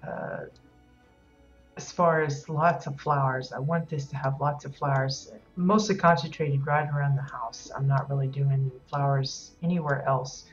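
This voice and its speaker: A woman with a bass voice speaks a little slowly with fairly even intonation, her voice a little worn because she's losing it. She streams casually while decorating in a game, rambling and hesitating with lots of fillers. The stream audio is dull and lo-fi with music.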